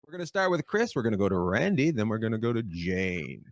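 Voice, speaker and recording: A man hosting a comedy panel show over video call, teasing his guests with quick asides. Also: fairly low pitch, big pitch swings, gravelly, no echo, clean studio sound, faint music behind.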